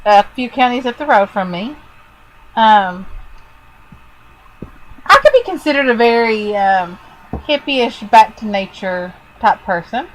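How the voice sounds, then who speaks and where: Playful, slightly high-voiced woman co-host. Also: expressive, takes it slowly, long pauses, a little hiss or hum, rough recording. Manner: playful, lightly teasing storyteller. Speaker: podcast co-host. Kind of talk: casual chat, reading news stories.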